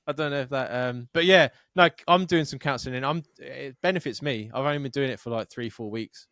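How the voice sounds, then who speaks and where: A man with a medium-pitched, fairly bright voice talks briskly on a dry recording. He co-hosts a podcast in casual chat, swearing a lot and acting out voices as he tells rambling stories.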